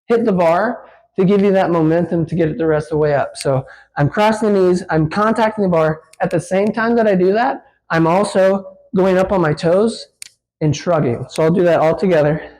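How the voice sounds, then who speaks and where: Captured on a rough recording, a physical therapist shows how to do a lift in a gym, his high voice darkish in tone and moving at a moderate pace. His explanation is casual and packed with fillers, and he gets out of breath during the instructional demonstration.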